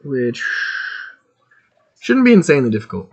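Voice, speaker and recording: Man, gaming stream chatter, casual, excitable, very animated pitch. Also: normal speed, slightly rough, muffled recording. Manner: chatty, excitable, thinking aloud while playing.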